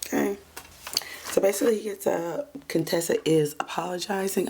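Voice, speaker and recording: Woman, casual recap host; low, raspy, breathy tone, sassy delivery. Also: moderate pace, a little mellow. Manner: chatty, sassy, says "child" and "moving on" often.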